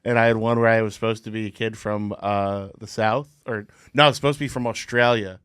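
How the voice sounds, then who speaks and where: A man's voice: lowish voice, steady tone, brisk, a bit bright, clear, resonant tone, no echo, clean studio sound. A man, a comedian and podcast host, telling rambling anecdotes with restarts in casual chat.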